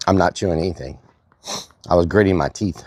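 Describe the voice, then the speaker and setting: A man's voice: sits low, fairly quick, a little mellow, dry recording. A man hosting a live stream outdoors, chatting casually and muttering sums to himself as he works things out. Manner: mutters to himself while working out sums aloud. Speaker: livestream host.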